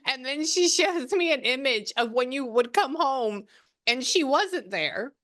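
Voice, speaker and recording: Unhurried and expressive, this woman's high voice carries a fairly bright tone. As a psychic medium giving a casual reading, she relays and quotes messages at length, chatting away and leaving thoughts unfinished.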